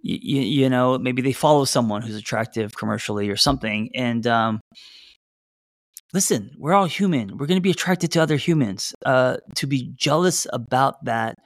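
A man's voice: mid-range voice, normal speed, no room sound, studio quality. A middle-aged man hosting a casual relationship-advice talk, loose and conversational, with fillers, restarts and self-deprecating asides. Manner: loose and conversational, many fillers and restarts, reading out audience replies. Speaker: podcast host.

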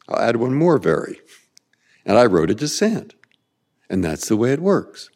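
Older male guest, 80s, lively discursive delivery, roomy reverb on the voice. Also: mid-range voice, moderate pace, pauses often. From San Francisco, USA. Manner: discursive, circling back with repeated words and asides. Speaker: Supreme Court justice, guest. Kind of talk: reflective interview answers.

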